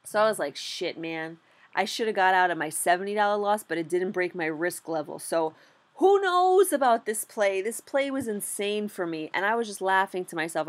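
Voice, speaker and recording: A young adult woman giving a casual vlog recap as a beginner stock trader, animated and candid, with lots of "like" and frequent swearing. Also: on the low side.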